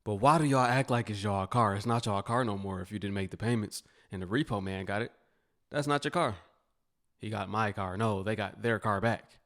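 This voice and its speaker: A man's voice: on the low side, normal speed, a bit bright. A man commenting bluntly and mockingly on viral clips in a casual, laid-back way.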